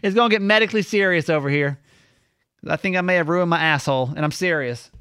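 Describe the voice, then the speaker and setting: A man's voice: a little high, quick pace, sharp tone, clear, resonant tone, no room sound, clean studio sound. A man co-hosting a casual podcast, joking around and laughing often as he talks. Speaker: podcast co-host.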